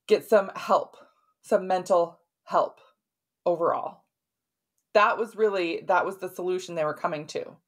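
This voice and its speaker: A woman's voice: on the low side, measured pace. A middle-aged woman hosting a podcast, telling a client's story in a casual, conversational way and often ending sentences with "right?". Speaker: podcast host and health practitioner.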